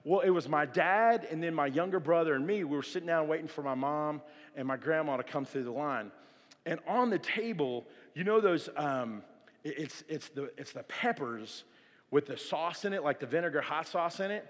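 Pastor preaching in a reverberant hall. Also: male voice, a little high, moderate pace. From South Florida. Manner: storytelling, animated, frequent restarts. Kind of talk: sermon to a youth audience.

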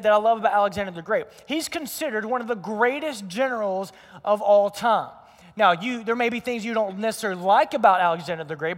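A young man preaches in a church auditorium, telling stories with energy and acting out quotes. His voice sits high for a man. A long reverb from the large hall trails each phrase. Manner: energetic storytelling with acted quotes. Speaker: pastor. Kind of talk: sermon.

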